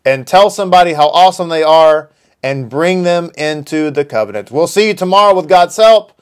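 A man teaching from scripture, reading quoted passages aloud and explaining them at an unhurried pace. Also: fairly high pitch, lively intonation, clear, resonant tone. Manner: unhurried, reads quotes aloud then explains, with some restarts. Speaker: Bible teacher.

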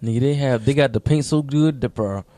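A man's voice: medium pitch, a little fast, warm tone. A man in casual chat, reacting with short interjections. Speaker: co-host chiming in.

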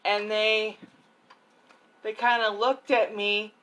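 A young woman chats casually, adding short agreements before telling her own story. She speaks in a plain, steady way. Her voice has an ordinary middle pitch for a woman. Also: slow, low-quality recording. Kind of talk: casual chat.

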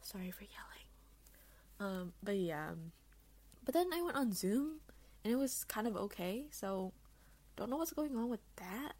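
A woman's voice: medium pitch, lively intonation, unhurried, long pauses. Chatty young woman, swearing freely. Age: young adult. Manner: chatty, swearing, self-mocking, with sudden loud bursts and hushed asides. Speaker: podcast host. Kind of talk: casual solo chat.

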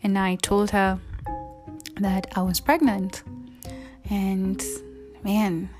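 A young woman telling a candid personal story in a conversational way, sometimes dropping to a soft near-whisper. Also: medium pitch, flat delivery, extremely slow, over music.

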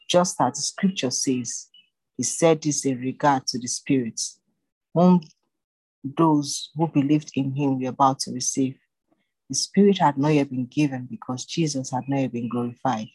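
A reader narrating scripture in a steady, even way. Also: mid-range voice, normal speed, husky, no echo, rough recording.

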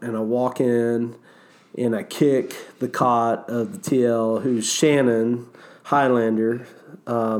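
A man casually telling a story about his river guiding days, swearing freely and acting out the quotes. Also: medium pitch. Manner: animated, swears, acts out quotes.

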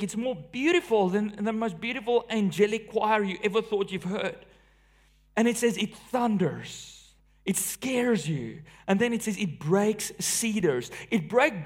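A man preaching a sermon, dynamic and emphatic, swinging between forceful declarations and hushed, near-whispered passages. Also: high voice.

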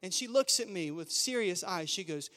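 High-voiced preacher in an echoing hall. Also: male voice, moderate pace. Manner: animated, playful, conversational with the crowd. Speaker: pastor. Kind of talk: humorous storytelling sermon. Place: church sanctuary. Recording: long church hall reverb.

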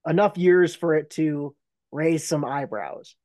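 A young man co-hosting a sports podcast, blunt and quick to swear. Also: fairly high pitch, a little mellow, no echo. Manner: blunt, swears, exasperated jabs. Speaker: podcast co-host. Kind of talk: casual sports chat.

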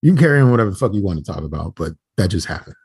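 A man's voice: deep voice, very animated, very fast, a little mellow, husky, no echo. A man in his forties chatting casually as a podcast co-host, blunt and profane, acting out quoted voices in his stories. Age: 40s. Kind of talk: casual chat.

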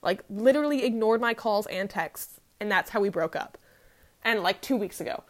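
Young adult woman, podcaster, mid-pitched, chatty confessional storyteller, profane and rambling. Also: lively intonation, normal speed. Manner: candid, profane, rambling with many fillers. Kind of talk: casual storytelling.

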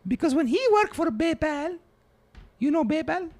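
A man plays an 84-year-old grandmother with a high, thin voice. She speaks slow, broken English, doting one moment and blunt the next, in an improvised podcast comedy bit. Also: lively intonation, a little mellow. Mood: teasing.

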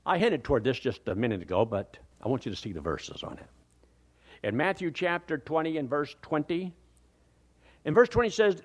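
An older man preaching a sermon in a folksy, animated way. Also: a little high, normal speed.

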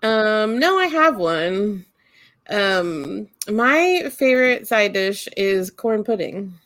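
A podcast co-host from Central Ohio in relaxed conversation. Her voice is at a middle pitch and sounds dry and close, with no room around it. She rambles with plenty of fillers and slips in giggly asides. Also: slow, dry recording. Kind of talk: casual chat.

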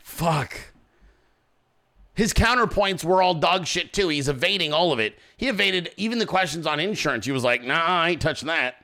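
Dude ranting over debate clips, high voice, super lively, swears a lot, bright sound. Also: male voice, moderate pace. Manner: animated, crude, mocking, swings between mutters and loud outbursts. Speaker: political commentary streamer. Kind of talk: profane reaction commentary.

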